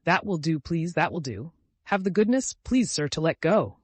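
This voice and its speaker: A man's voice: fairly high pitch, very animated, normal speed, husky, no echo, voice pushed up. Deferential house servant, pleading and polite, voiced by a male narrator; dry, close read.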